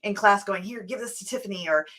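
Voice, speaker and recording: A woman's voice: medium pitch, fast, pushed and bright. A woman co-hosting a casual talk show, chatting in a reflective way and recalling stories from childhood. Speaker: co-host.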